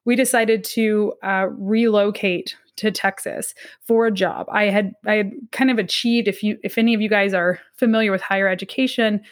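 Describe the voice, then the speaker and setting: Woman, 30s, interview guest; earnest and halting, restarts often, mid-pitched voice. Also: steady tone. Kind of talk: personal story in an interview.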